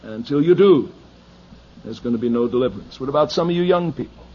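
Fiery preacher, hushed to shouting. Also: male voice, mid-range voice, lively intonation, racing, breathy edge. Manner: swings from hushed asides to shouted pleas. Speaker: pastor. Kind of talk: fiery sermon. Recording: dull lo-fi archival recording with faint noise.

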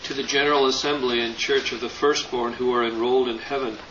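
A male student reading a scripture passage aloud in class in a flat, even way. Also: mid-range voice, fast, background noise. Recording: muffled, roomy, distant classroom recording.

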